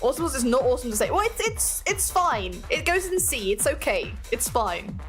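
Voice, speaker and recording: A British woman streaming a casual chat, talkative and quick to laugh at herself. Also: high-pitched, very animated, a bit bright. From Britain. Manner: chatty, giggly, self-mocking. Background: faint music playing.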